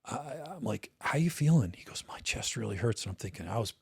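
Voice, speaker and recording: A man's voice: on the low side, expressive, quick pace, gravelly, fairly bright tone, breathy edge, dry recording, clean studio sound. A middle-aged man, a retired state police officer, telling a personal story in a casual, candid podcast interview, swearing now and then and often restarting his sentences. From United States.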